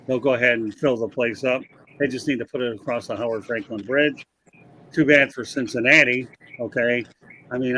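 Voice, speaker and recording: A man's voice: mid-range voice, fairly bright tone, a little hiss or hum. A man hosting a casual sports talk show, giving his opinions at length and passing the word to the panel. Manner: opinionated, rambling, leads the panel. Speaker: podcast host.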